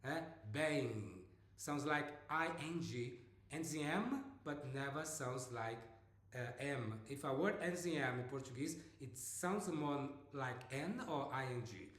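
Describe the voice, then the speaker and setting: A man teaching a beginner language lesson, slowly repeating words for his students to drill. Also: mid-range voice, expressive, fairly bright tone, roomy sound.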